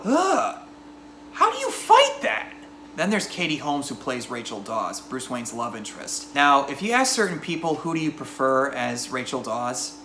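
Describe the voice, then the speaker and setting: A man's voice: mid-range voice, pushed and bright, echoey room, slight background noise. A man giving a casual, chatty movie review, now and then mimicking lines from the film.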